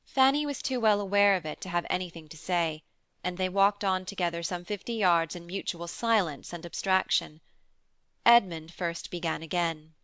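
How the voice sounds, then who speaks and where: A woman narrates a classic novel as an audiobook. Her voice is lowish, smooth and crisp, and she reads calmly and evenly. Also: normal speed.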